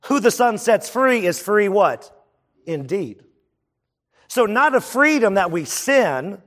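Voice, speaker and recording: A man's voice: high-pitched, sing-song, slow, a bit bright, big-room sound. A man preaching a sermon as a pastor, in a conversational style, often asking the congregation questions.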